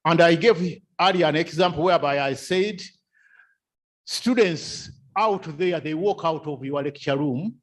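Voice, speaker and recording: A man with a slightly high voice speaks a little slowly as he delivers a seminar lecture in a seminar room. He repeats key phrases, poses rhetorical questions, and chuckles often.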